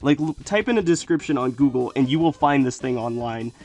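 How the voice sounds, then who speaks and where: A teenage boy excitedly telling a profane personal story in casual speech. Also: medium pitch, fairly quick, faint music behind. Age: teens. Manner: profane, animated, excitable retelling.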